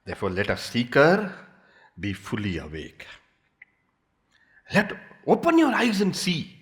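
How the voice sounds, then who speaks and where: Animated Indian English swami. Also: male voice, medium pitch, measured pace. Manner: animated storytelling with playful repetition. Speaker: swami, spiritual teacher. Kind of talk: spiritual discourse.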